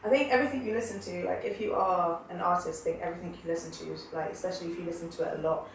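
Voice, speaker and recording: A young woman from England talks in a loose, rambling way, full of fillers and restarts. Her voice sits a little low. She is picked up from a distance in a very echoey room with faint background noise. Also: fairly even intonation, very fast. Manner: chatty, rambling, many fillers. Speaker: guest musician. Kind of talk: casual podcast chat.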